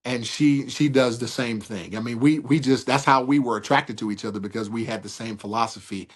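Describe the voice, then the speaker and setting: A man's voice: mid-range voice, brisk, breathy edge. A middle-aged man, a veteran sports broadcaster telling stories as a guest in a casual interview, with emphatic, preacher-like rhetorical questions.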